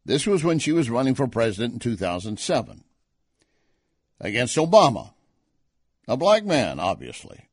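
A man at a close studio mic talks through political commentary in a conversational tone. His voice is mid-pitched and sits in a dry, close room. He leans into his points with emphasis, rising when he presses an argument. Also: wildly swooping pitch, moderate pace, pauses often, husky, no echo. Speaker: talk radio host.

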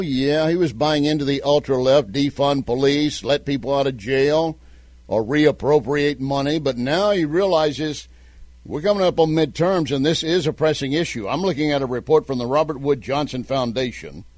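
A man's voice: fairly high pitch, a little mellow, no echo. A man with a Southern American accent hosting a talk radio show, reading sponsor spots and giving emphatic commentary. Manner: emphatic, repeats phone numbers slowly.

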